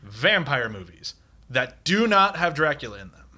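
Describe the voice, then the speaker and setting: Bright-voiced man gushing about films. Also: fairly high pitch, sing-song, moderate pace. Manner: enthusiastic, rambling, swears casually. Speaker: podcast co-host. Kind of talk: casual movie podcast chat.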